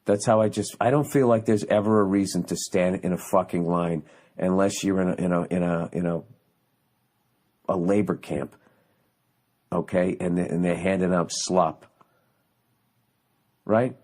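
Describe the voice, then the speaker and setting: A man's voice: sits low, steady tone, measured pace, long pauses, darkish tone. A man hosting a podcast, delivering a profane, sarcastic comedic rant that rambles through restarts and asides. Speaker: podcast host.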